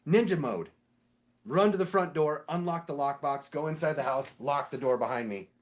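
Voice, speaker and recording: A man casually telling a story on a podcast, animated and swearing, acting out the voices of the people in it. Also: on the high side, normal speed. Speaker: podcast co-host; sewer inspector.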